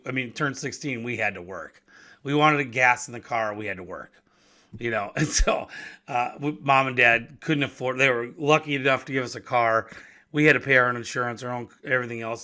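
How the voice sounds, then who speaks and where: Talking loosely about the risks of running a business, a Wisconsin podcast host and business owner in his fifties uses a bright, forceful, mid-pitched voice. He laughs between thoughts and tends to repeat and restart his words in a conversational way.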